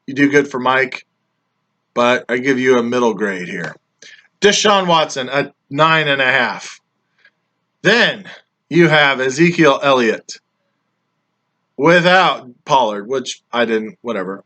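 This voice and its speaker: A man casually grading his friends' fantasy football drafts, teasing and rambling, often trailing off quietly at the ends of his lines, his voice getting worn. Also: medium pitch, expressive, a little slow. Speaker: fantasy football league member reviewing drafts.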